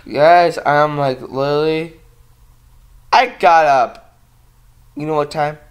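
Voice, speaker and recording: Slow, rambling young man vlogging. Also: fairly high pitch, clear, resonant tone. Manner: rambling, meandering, full of ums and restarts; sleepy, yawning. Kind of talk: casual vlog chat.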